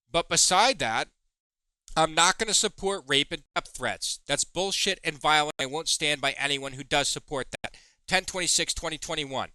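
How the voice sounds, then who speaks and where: Sharp, bright-voiced angry man. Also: a little high, clean tone, no echo. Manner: accusatory, swears freely. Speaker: commentary host. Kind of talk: heated commentary reading chat logs aloud.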